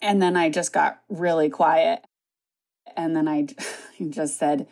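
A woman's voice: low-pitched, unhurried, a little mellow, no room sound, studio quality, faint music behind. Candid woman narrating her own story. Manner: candid, conversational, peppered with "like". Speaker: podcast host and narrator.

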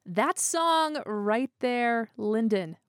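A woman's voice: fairly high pitch, animated, extremely slow, no room sound. Upbeat woman radio host, dry studio. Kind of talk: studio interview.

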